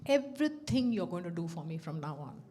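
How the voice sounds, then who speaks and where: A woman's voice: lowish voice, a little fast. A middle-aged woman telling a personal story at a devotional gathering, laughing often and acting out the dialogue. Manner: animated, laughs often, acts out quoted dialogue. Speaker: speaker at a devotional center.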